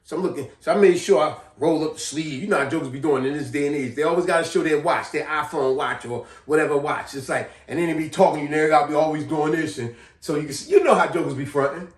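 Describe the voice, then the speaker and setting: A man vlogging, telling a personal story in a casual, slangy, animated way. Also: fairly high pitch, fast, hardly any pauses. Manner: animated, slangy, repeats himself. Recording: echoey room, distant mic.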